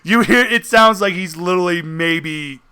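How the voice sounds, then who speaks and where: A man's voice: high voice, moderate pace, pushed and bright, clear, resonant tone. A man narrating a tabletop horror game as game master, with dramatic descriptions and frequent laughter.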